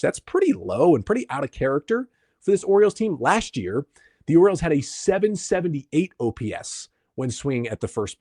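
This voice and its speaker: Lively man breaking down baseball stats. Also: a little high, no echo, studio quality. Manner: brisk, stat-heavy explaining. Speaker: podcast host. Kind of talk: solo sports podcast analysis.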